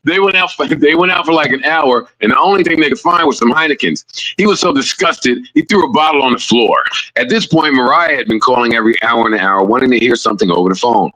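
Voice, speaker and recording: A male streamer reading a story aloud, lively, acting out the quoted voices. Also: medium pitch, fast, rough recording.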